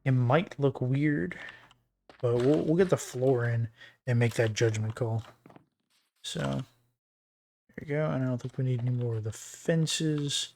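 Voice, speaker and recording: A man streaming a building game, thinking aloud in a relaxed, muttering way as he works. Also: medium pitch, moderate pace, gravelly, pauses often, a little hiss or hum. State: hiccuping. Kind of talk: casual game commentary while building.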